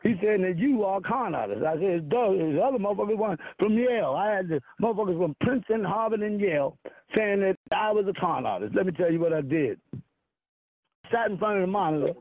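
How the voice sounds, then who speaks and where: A high-pitched, husky man preaches to his listeners in a combative, profane style and keeps firing rhetorical questions at them. The sound is thin and tinny, like a phone line on a radio broadcast. It is dry, with no room echo around the voice. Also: expressive, brisk. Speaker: self-styled spiritual leader. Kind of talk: preaching monologue to an audience.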